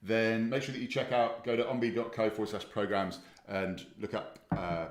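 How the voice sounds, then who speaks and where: A man's voice: lowish voice, little pitch movement, normal speed. A man hosting a casual chat, reading out listener questions and fumbling for clips. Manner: chatty, stumbles over restarts while finding clips. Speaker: host. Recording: roomy echo.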